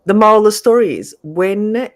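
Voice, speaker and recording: A middle-aged woman, a guest, telling a story in a lively, animated way and laughing often. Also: mid-range voice, moderate pace. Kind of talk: casual storytelling.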